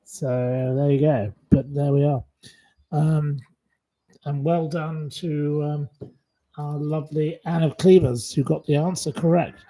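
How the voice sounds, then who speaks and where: Chatty guy running a quiz stream from his house, slow and meandering, kinda high pitched. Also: level tone, dark tone, poor audio. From northwest England. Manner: rambling, chatty, with many fillers. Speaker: livestream host running a quiz. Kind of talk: casual live quiz chat. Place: at home.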